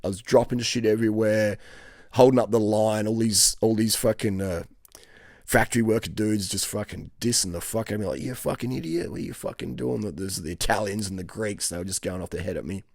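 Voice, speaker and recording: A man in his forties with an Australian accent, telling a profane, animated story to camera in casual slang. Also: on the low side, a little fast, no room sound, studio quality. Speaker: cycling vlogger.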